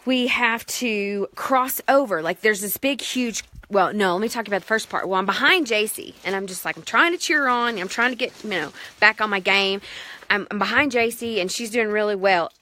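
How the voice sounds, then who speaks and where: A woman and mother telling a family story to the camera in a casual, animated, self-mocking way. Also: medium pitch, normal speed, dry recording.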